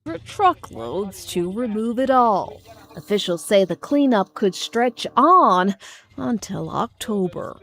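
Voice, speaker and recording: Measured Newfoundland woman reporter. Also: medium pitch, big pitch swings, fairly bright tone. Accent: Newfoundland English. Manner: polished, measured news cadence. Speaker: news reporter. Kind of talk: scripted news report.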